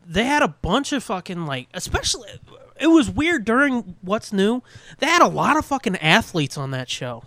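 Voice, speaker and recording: A man co-hosting a podcast, chatting casually with lots of swearing and quick voice impressions. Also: high voice, no echo. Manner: animated, swears a lot, mimics voices. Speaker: podcast co-host. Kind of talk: casual profane chat.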